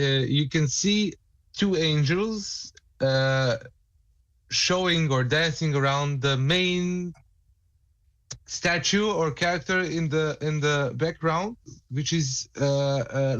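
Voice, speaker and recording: Man, co-host, casual chat, hesitant, lots of restarts, slightly high voice. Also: fairly bright tone. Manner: hesitant, searching for words, many restarts. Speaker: co-host and music producer.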